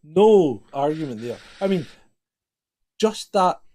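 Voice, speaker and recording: A man's voice: fairly high pitch, very animated, takes it slowly, a little mellow. A man co-hosting a podcast, blunt, sweary and teasing, laughing often. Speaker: podcast co-host. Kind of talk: casual chat.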